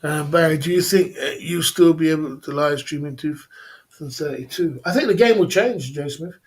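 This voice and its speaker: A man hosting a casual livestream chat, relaxed and slangy, who chuckles often and repeats himself. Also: fairly high pitch, moderate pace. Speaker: livestream host.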